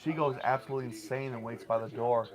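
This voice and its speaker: A young man at home rambling in an agitated rant that keeps getting louder and more heated. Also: mid-range voice, fairly even intonation, quick pace, music in the background, rough recording. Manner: agitated, repetitive, grows loud and heated. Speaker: vlogger. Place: home, indoors.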